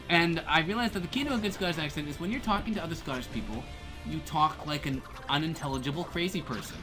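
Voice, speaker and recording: A man's voice: a little high, animated, fast talker, pushed and bright, faint music behind. Rambling man telling a story. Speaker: co-host. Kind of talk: casual gameplay chat.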